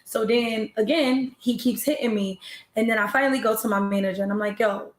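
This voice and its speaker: A woman's voice: a little high, brisk, roomy sound. A woman battle rapper telling her story in a casual interview, laid-back and slangy with lots of fillers.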